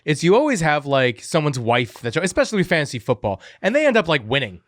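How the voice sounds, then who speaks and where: A man's voice: fairly high pitch, sing-song, a bit bright, no room sound, studio quality. A man co-hosting a podcast, cracking jokes and tossing in asides in casual chat. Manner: joking, quick asides. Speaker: podcast co-host.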